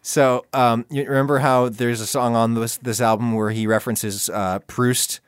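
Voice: medium pitch, fairly even intonation, normal speed, clear, resonant tone, no echo. Wry podcast co-host in a dry room. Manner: wry, joking, laughs often. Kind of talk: casual comedic chat.

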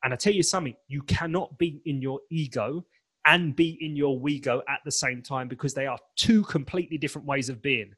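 A confidence and presentation coach, appearing as a guest on a lively podcast, speaks emphatically and acts out bits of inner dialogue. His voice is medium-pitched, brisk and husky, with a fairly bright tone.

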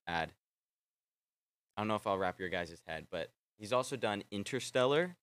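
A young man with a low, deep voice chats casually for his vlog. He gets excitable, swears freely and often trails off mid-sentence before starting over. A film score plays faintly behind him. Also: moderate pace, soft background music. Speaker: vlogger. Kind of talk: casual rambling chat. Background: faint film score playing.

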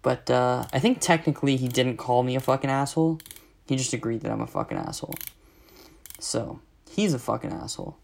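Man, mid-pitch, sarcastic profane ranter, casual vlog delivery. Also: very animated, a little fast, creaky, darkish tone. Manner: exasperated, sarcastic, heavy swearing.

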